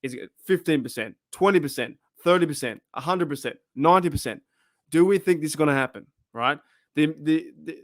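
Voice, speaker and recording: On his own fan channel, a slightly high-voiced Australian man rambles through a casual to-camera chat full of questions for viewers, recorded dry at studio quality.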